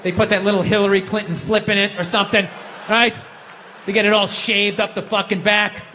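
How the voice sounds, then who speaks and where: This middle-aged stand-up comic delivers a loud, shouting rant in a high, bright, forceful voice with little pitch movement and a brisk pace. His handheld stage mic in the theater picks up a long trailing hall reverb, faint ambience from the live audience space, and slight hiss or hum.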